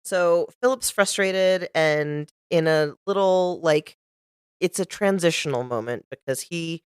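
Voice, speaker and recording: A woman's voice: on the low side, a little slow, clean tone, no room sound, studio quality. A woman co-hosting a podcast in casual chat, making wry, matter-of-fact remarks. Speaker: podcast co-host.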